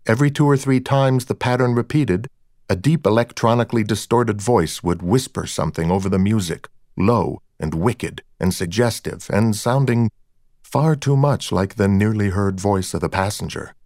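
A man narrating a first-person audiobook in a measured, wry storytelling manner. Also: fairly low pitch, darkish tone, dry recording, studio quality.

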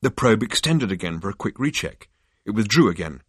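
Low-voiced man reading a book aloud. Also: very animated, a little fast, husky, no room sound, clean studio sound. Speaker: audiobook narrator. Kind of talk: scripted narration.

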